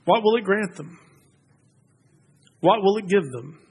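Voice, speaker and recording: A man's voice: high voice, a little slow, breathy edge. A man preaching a sermon to his congregation, emphatic, pushing key phrases upward as he builds his points.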